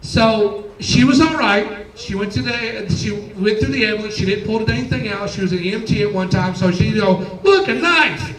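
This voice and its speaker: A man's voice: sits high, steady tone, moderate pace, few pauses. Man, stand-up comic, chatty storyteller, echoey room, heard from a bit far off. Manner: chatty storytelling with quoted voices. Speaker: stand-up comedian. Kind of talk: stand-up comedy set. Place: comedy club stage.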